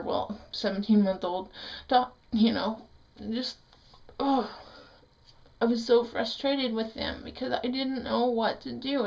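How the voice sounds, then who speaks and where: A middle-aged woman vlogging a painful personal story, her speech halting and raw, with restarts and the odd curse. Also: fairly high pitch, darkish tone, low-quality recording. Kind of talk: emotional personal story vlog.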